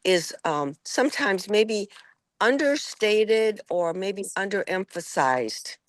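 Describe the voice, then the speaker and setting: A woman's voice: medium pitch, expressive, slow pace, dry recording. A middle-aged woman health coach talking casually and eagerly, repeating phrases for emphasis. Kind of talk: casual group chat.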